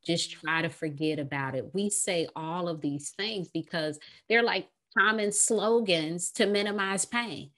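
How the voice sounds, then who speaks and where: Animated woman therapist, lowish voice. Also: a little slow, hardly any pauses. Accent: American. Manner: animated, laughs often, acts out quoted phrases. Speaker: therapist guest. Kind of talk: podcast conversation.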